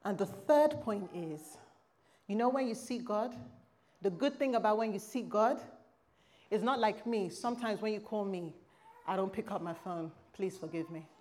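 A woman giving a church testimony in a preaching style. She is emphatic and exclaims, breaks into loud outbursts, then drops to hushed lines, and asks the audience for call-and-response. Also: mid-range voice, moderate pace.

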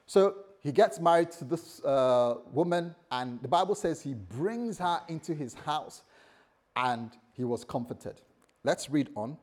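A man's voice: on the high side, lively intonation, a little slow, darkish tone. A man preaching a sermon as a pastor, conversational and jokey, often laughing at himself.

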